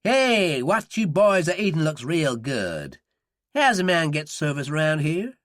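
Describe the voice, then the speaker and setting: A man's voice: high-pitched, big pitch swings, normal speed, a bit bright, dry recording, clean studio sound, pitched above the performer's own voice. A man doing a brash fake-American drawl. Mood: put-on swagger. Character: cocky Irish ex-gunman putting on a brash American drawl.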